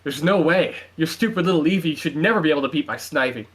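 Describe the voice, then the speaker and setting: A man's voice: on the high side, quick pace, close to an everyday voice. A man voicing an arrogant young male rival who mocks and threatens his opponent. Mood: sneering. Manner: mocking, scornful.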